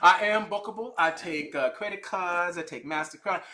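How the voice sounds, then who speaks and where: Excitable, shouting male live-show host. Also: high voice, normal speed. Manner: loud, excitable, shouting hype. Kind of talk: hyped live-stream talk. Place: studio.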